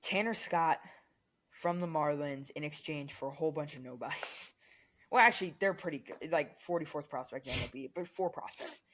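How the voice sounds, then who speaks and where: A man's voice: a little high, moderate pace, fairly bright tone, poor audio. A man co-hosting a casual sports podcast, running through news items in a laid-back way and chuckling between them. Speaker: podcast co-host.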